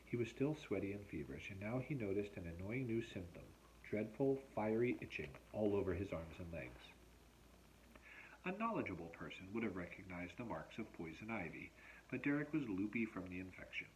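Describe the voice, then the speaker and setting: A male teacher reading a novel aloud at home, expressive and measured in his storytelling. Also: lowish voice, slight background noise, rough recording.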